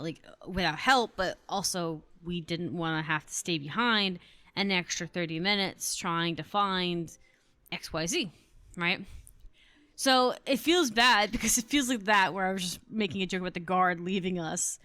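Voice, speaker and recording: A woman's voice: fairly low pitch, moderate pace, bright, forceful tone, no room sound. A woman in her twenties chatting casually over gameplay, telling rambling anecdotes. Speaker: gaming channel host.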